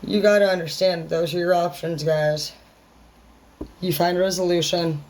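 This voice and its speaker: A woman's voice: lowish voice, steady tone, moderate pace, darkish tone, rough recording. A woman vlogging in a casual monologue, rambling bluntly and swearing constantly. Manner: brash and unfiltered.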